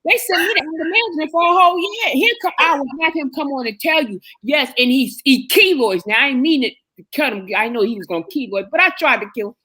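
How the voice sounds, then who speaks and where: A woman with a high voice tells stories with a lot of animation, using slang in an easygoing way. She talks in casual chat on a livestream. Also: animated, fast talker, few pauses, bright, forceful tone.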